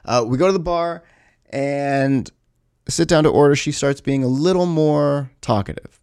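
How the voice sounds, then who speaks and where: Gravelly man rambling a story to camera. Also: fairly high pitch, a little slow, darkish tone, no room sound, studio quality. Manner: rambling, self-correcting, profane. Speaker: vlogger.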